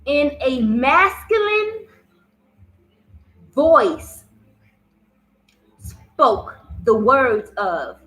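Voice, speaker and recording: A woman's voice: high voice, very animated, drawn-out words, pauses often, a bit bright, rough recording. A woman telling a personal story in a casual vlog, swearing freely and often repeating herself. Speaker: vlogger.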